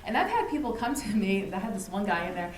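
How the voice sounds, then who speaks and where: A woman's voice: medium pitch, very animated, fast talker. Chatty woman lecturing in an echoey room. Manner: conversational, uses "right?" often, acts out anecdotes. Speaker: speaker at a community lunch talk. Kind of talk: informal educational talk. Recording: echoey room with faint noise.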